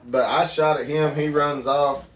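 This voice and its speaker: A man's voice: a little high, a little slow. Man telling hunting stories in a roomy space. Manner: animated storyteller, laughs and yells mid-story. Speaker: podcast co-host. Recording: roomy, distant mic, faint background noise.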